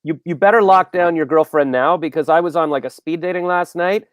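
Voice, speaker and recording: Canadian comic in his forties, rambling and self-deprecating, a touch high, dry close recording. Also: brisk, clean tone, no echo. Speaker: comedian guest. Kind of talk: casual chat on an online comedy show.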